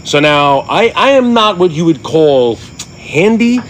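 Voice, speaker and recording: Profane, animated middle-aged man. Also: fairly high pitch, unhurried. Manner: profane, animated storyteller acting out quotes. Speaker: podcast co-host. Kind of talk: casual storytelling chat.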